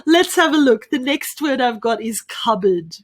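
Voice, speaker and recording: An Australian woman teaching English pronunciation in an online lesson, cheerful, often laughing and drilling words slowly. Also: sits high, lively intonation.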